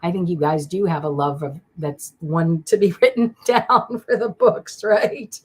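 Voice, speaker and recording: Emotional woman reading tarot live. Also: lowish voice. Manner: emotional, affectionate, rambling with restarts; laughs often. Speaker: tarot card reader. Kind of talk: live-stream card reading.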